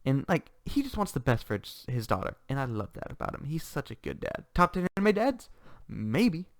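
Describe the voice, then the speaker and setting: A man's voice: medium pitch, big pitch swings, normal speed, no room sound, studio quality. A man giving a casual, enthusiastic book review, rambling with restarts and laughter.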